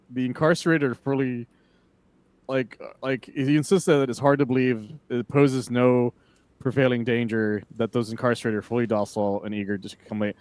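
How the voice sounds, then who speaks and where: Male podcast co-host, mid-pitched, dry close recording, loose and animated, swears a lot. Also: moderate pace, no room sound. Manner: animated, swearing, acts out quotes with laughs. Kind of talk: casual comic book discussion.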